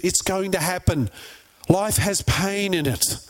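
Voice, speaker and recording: A man preaching a sermon, telling lively stories and putting questions to his congregation. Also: high-pitched, moderate pace. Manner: animated storyteller, asks the crowd questions. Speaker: pastor.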